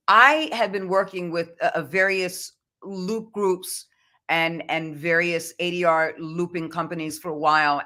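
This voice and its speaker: Woman voice actor guest on a podcast; bright and forceful, earnest and reflective. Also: on the low side. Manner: earnest, reflective, speaks of faith. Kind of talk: podcast interview.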